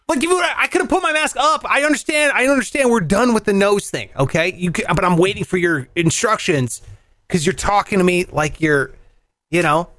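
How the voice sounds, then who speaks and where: A man telling a story in casual chat, animated, swearing and acting out voices. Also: high voice, fairly quick, dry recording, studio quality.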